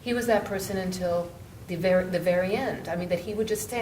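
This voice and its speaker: Speaking on a panel at an indoor book event, a middle-aged author recounts a story conversationally but haltingly, full of fillers and false starts. The room echoes, the microphone sits far away, and a faint rumble runs underneath.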